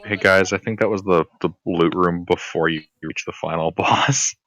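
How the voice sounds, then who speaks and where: A man plays in a tabletop game and talks casually with blunt jokes. His voice sits low. The sound is close and dry. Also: steady tone, normal speed, a bit bright, dry recording, muffled recording. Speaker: player.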